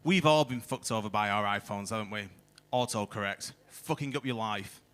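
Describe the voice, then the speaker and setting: A man doing a crude stand-up comedy set on a club stage, swearing freely and acting out shouty quotes, into a handheld mic. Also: on the low side, normal speed.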